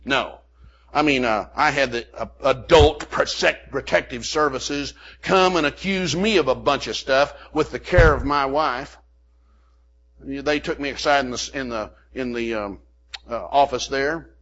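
A man's voice: medium pitch, measured pace, fairly bright tone. An older man preaching a sermon, telling a folksy personal story full of "amen" and "you know" asides. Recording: muffled lo-fi recording.

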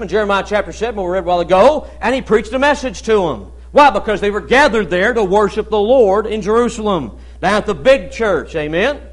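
A male pastor preaching a Baptist sermon in a conversational way, often asking "amen?" and pausing with "uh". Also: high voice, fairly bright tone.

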